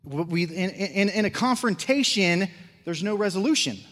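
A man with a Midwestern American accent preaching a sermon, swinging between loud zealous outbursts and hushed asides, full of rhetorical questions and repetition. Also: high-pitched, lively intonation, normal speed, long reverb tail. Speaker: lay preacher. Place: church sanctuary.

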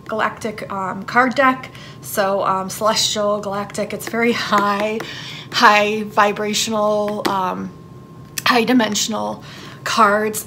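A woman's voice: mid-range voice, sharp tone, slight background noise. A woman giving a casual tarot card reading for her channel, chatting in a rambling way with lots of fillers. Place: her home, downstairs.

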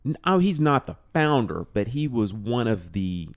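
A man, a guest on a podcast, telling a personal story in a casual, animated way and filling it with "you know". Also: medium pitch, moderate pace. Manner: animated storyteller, acts out quoted dialogue, many "you know"s. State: emotional, choked up. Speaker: podcast guest, drum teacher.

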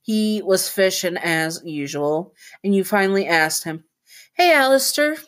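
A woman's voice: fairly low pitch, a little slow. A woman narrating a second-person fan-fiction story in a chatty style, with self-corrections and offhand asides.

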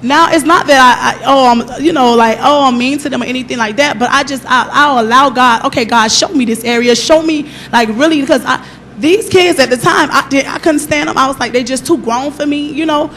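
A middle-aged woman's high, a bit bright voice moves fairly quickly as she offers a personal testimony in church. She tells it with animation, taking on the lines of each person in the story.

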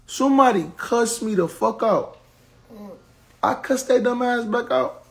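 Young man ranting on a livestream, gravelly and high. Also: moderate pace, fairly bright tone. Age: 20s. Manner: blunt, profane, ranting at commenters. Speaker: social media personality on a livestream. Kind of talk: venting on a livestream.

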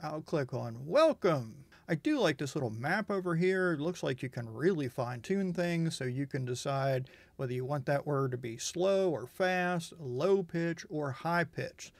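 A man casually walking through a software tool in a screen tutorial, thinking aloud with wry, candid remarks. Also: a little high, lively intonation, a little slow, gravelly, hardly any pauses, no echo. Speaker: software reviewer.

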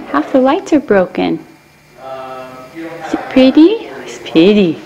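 A woman's voice: medium pitch, sing-song, slow pace, vocal fry, pauses often, crowd noise. A woman filming her toddler at home, coaxing and praising her in a sing-song baby-talk voice and laughing often.

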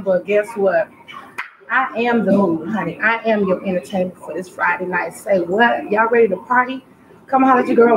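Brief: bubbly woman hairstylist hosting a live stream, a bit high, in an echoey salon with background noise. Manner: exuberant, calls viewers honey and baby, playful sound effects. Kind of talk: lively live-stream chat. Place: hair salon, indoors.

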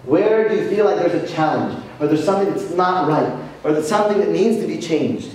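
A man, a priest, giving a lively sermon lecture and telling stories with acted-out voices. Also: a little high. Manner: animated storytelling, acts out quoted voices. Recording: echoey hall, distant mic, faint noise.

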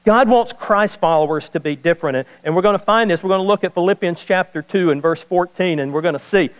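A man preaching a sermon as pastor, folksy and animated, repeating key lines and joking with the congregation. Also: high voice, fast, long reverb tail, muffled recording. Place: church sanctuary.

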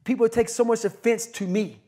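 Man, middle-aged, blunt, swears a lot, pitched high, preachy, forceful. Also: fairly even intonation, fairly quick. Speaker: podcast guest. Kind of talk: intense motivational talk.

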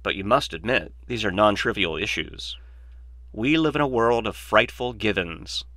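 A man's voice: on the low side, lively intonation, normal speed, sharp tone, no echo. A man voicing a glib, opinionated male mathematician in a dry, lecturing, sardonic manner, read as an audiobook. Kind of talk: audiobook reading.

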